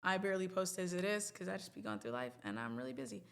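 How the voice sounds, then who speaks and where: A woman's voice: lowish voice, sing-song, fast talker, fairly bright tone. A woman hosting a livestream, talking casually to her viewers in a rambling, playful, chatty way. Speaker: livestream host.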